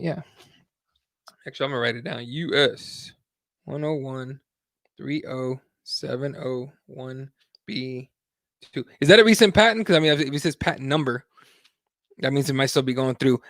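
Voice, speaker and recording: A man's voice: medium pitch, a bit bright, no echo, studio quality. A man hosting a live talk show, rambling and swearing a lot in a heated, casual chat. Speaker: host.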